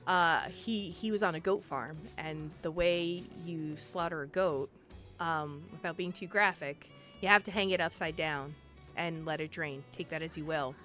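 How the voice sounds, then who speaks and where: A young woman who lived in Puerto Rico, telling rambling, profane stories on a casual game live stream and getting worked up and loud. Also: deep voice, unhurried, faint music behind.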